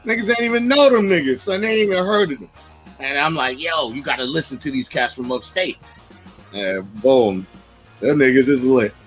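A man from Long Island, co-hosting a loose banter show, loud and quick to laugh. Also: soft background music. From Long Island, New York. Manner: loud, laughing, shouts high-pitched impressions. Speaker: podcast co-host.

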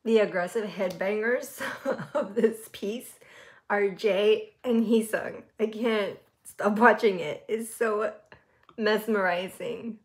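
A woman's voice: mid-range voice, slow. A young woman hosting a casual reaction vlog from her room, chatty and gushing, with lots of fillers and giggles. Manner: frequent giggles while talking. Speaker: reaction video host.

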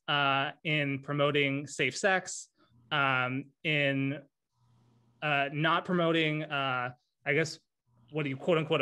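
A man's voice: fairly high pitch, bright, forceful tone, clear, resonant tone. A man interviewing a guest, hesitant and searching for words with many fillers. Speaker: interviewer, newspaper editor. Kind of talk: conversational interview.

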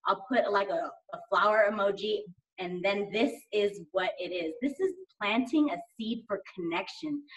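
A woman's voice: mid-range voice, fairly bright tone, recorded from a distance, poor audio. A woman guest chatting casually in an interview, enthusiastic and rambling with lots of fillers. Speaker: guest sharing sales tips.

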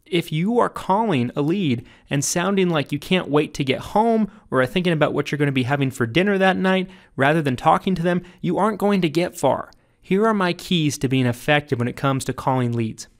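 A man narrating his own sales training audiobook, coaching emphatically and jumping up in pitch on key points. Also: lively intonation, a little fast.

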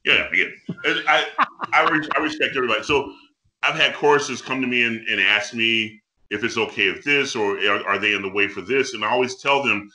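A man, a guest opera bass, talking earnestly and humbly in a casual video-call chat, with halting restarts. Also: pushed and bright, rough recording.

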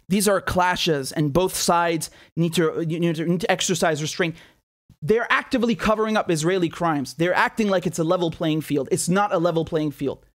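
A man giving an angry political monologue, indignant and heated, firing rhetorical questions and repeating himself. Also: sits high. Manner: swears and repeats words when worked up. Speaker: political commentator.

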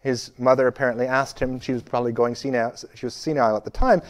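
A man giving a university history lecture, stressing key phrases loudly and dropping to quiet asides, with frequent fillers and restarts. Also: medium pitch, fairly even intonation, fast talker, few pauses.

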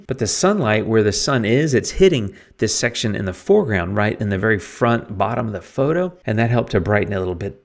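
Casual photo-editing tutorial man. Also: lowish voice. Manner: relaxed, thinking aloud with frequent fillers. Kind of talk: screen-recorded software tutorial.

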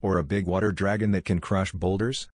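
An eager young ninja boy in a read-aloud story, as a man voices him. The voice stays low and deep with no boyish lift, and the sound is dry and close. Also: steady tone, fairly quick, a little mellow, no room sound.

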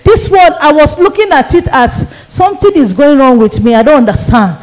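A woman's voice: sits high, moderate pace, hardly any pauses, a little mellow, low-quality recording. A woman evangelist with a Nigerian accent giving an earnest testimony sermon, telling her story vividly with emphatic repetition.

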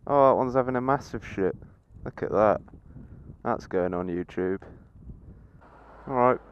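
A man's voice: lowish voice, measured pace, a little hiss or hum. A man, a motorcycle vlogger giving playful, sweary commentary and cooing baby-talk at cows. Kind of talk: casual helmet-cam commentary. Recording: dull lo-fi helmet-cam audio.

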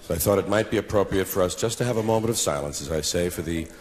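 A man's voice: low voice, fast talker. A man in his forties performing a stand-up comedy routine on a live stage, sardonic with mock-solemn asides. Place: live stage before an audience. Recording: noisy live recording.

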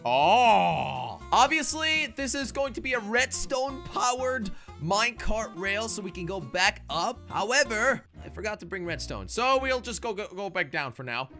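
A man hosting a gaming video, giving excitable Let's Play commentary that swings from mutters to shouts. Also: sits high, normal speed, gravelly, few pauses, soft background music.

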